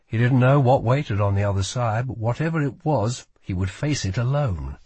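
A man narrating a fantasy audiobook with slow, expressive storytelling. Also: medium pitch, breathy edge, no echo. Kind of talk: scripted narration.

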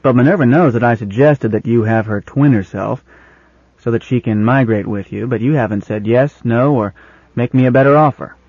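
A husky-voiced man playing a wry, worldly senior man in an audiobook, dry, gently teasing and fatherly. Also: mid-range voice, moderate pace, no echo, dull audio.

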